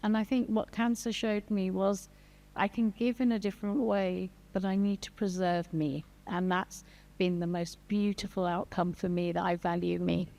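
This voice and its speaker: A woman's voice: mid-range voice, steady tone, moderate pace, gravelly, dark tone. An older woman, a grandmother, speaking in a heartfelt way as a guest on a panel. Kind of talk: panel discussion. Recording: long hall reverb.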